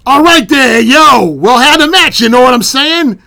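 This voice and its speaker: A man voicing an easygoing woman wrestler who talks in a loud, slangy, shrugging way. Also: very high-pitched, lively intonation, normal speed, creaky, voice pushed up, exaggerated voice. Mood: breezy.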